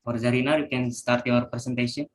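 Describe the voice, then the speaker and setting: A man's voice: mid-range voice, little pitch movement, fast talker, low-quality recording. A young man reading a class presentation aloud from his notes, stumbling over technical terms. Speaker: student presenter.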